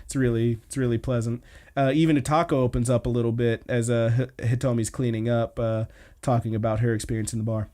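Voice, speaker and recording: A man's voice: medium pitch, flat delivery, fast, warm tone. A man hosting a podcast, casually recapping anime episodes in a rambling way with lots of fillers. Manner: rambling, filler-heavy retelling. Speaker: podcast host.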